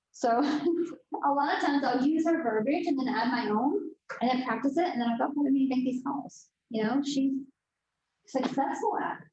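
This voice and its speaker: A woman who works as a real estate agent, talking to fellow agents in a loud, excitable way and acting out her stories. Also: on the high side. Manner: loud, excitable, animated storytelling. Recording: roomy, muffled room recording with faint noise.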